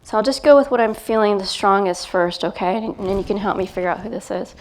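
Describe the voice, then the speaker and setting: A middle-aged woman, a psychic medium, gives a gentle, hesitant live reading before an audience, pausing often as she feels her way. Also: medium pitch. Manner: gentle, hesitant, feeling her way with many pauses. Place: event talk in front of a live crowd.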